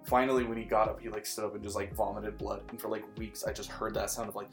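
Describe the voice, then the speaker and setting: A man's voice: lowish voice, level tone, fast talker, creaky. A young man telling personal stories in casual chat, full of like and filler words. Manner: filler-heavy, says like a lot. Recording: faint guitar music behind.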